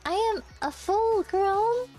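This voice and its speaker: Young woman streamer, childlike voice, very high, slow and giggly, faint music behind. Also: expressive, warm tone. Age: young adult. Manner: giggly, teasing back at chat. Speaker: VTuber streamer. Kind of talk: casual live-stream chat.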